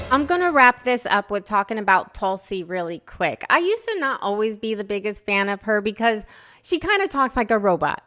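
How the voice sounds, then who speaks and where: A woman's voice: mid-range voice, lively intonation, normal speed, bright, forceful tone. A woman from the United States talking in a casual opinion vlog, chatty and emotional, rambling with many fillers. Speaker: vlogger.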